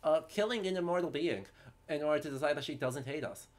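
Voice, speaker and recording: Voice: medium pitch, fast talker. A live-stream co-host chatting casually, plugging the channel and recapping a game's story in an upbeat way. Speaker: co-host of a history gaming stream.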